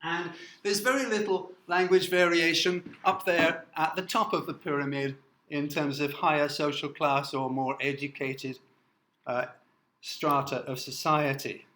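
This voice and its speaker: Man from northern England, university lecturer, slightly high voice, halting lecture, echoey room. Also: fairly even intonation, pushed and bright. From Newcastle, north of England. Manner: halting, many fillers and restarts, checks in with "okay?". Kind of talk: classroom lecture.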